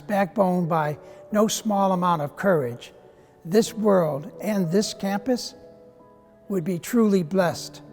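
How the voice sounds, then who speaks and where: A priest in his seventies tells a story in a gently humorous, storytelling manner, his voice pitched high for a man. A long hall reverb hangs on his words, with quiet music underneath. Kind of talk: Easter message.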